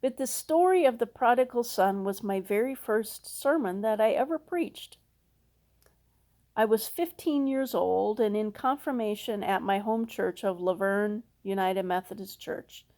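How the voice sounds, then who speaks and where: A woman pastor with a mid-range, slightly mellow voice retells a parable from the pulpit. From Minnesota, she tells it slowly and folksily, voicing characters and tossing in asides.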